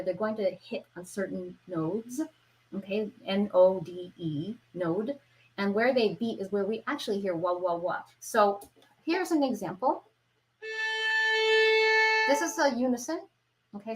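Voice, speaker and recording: A woman's voice: medium pitch, rough recording. Woman violin teacher explaining with violin. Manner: patient explaining, checks in with "okay?"; imitates beats with wavering syllables. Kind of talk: instructional tutorial. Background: violin playing.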